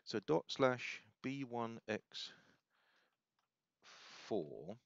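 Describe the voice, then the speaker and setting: A man casually demonstrating software, rambling and correcting himself as he thinks aloud. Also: mid-range voice, big pitch swings, drawn-out words, gravelly, no room sound. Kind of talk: casual screen-recorded demo. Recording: dull, slightly lo-fi sound.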